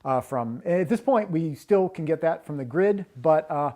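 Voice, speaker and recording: A man's voice: fairly high pitch, animated, normal speed, mellow. A man who is a homesteading guest, explaining his projects in an easygoing, casual interview. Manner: easygoing, explanatory, many fillers.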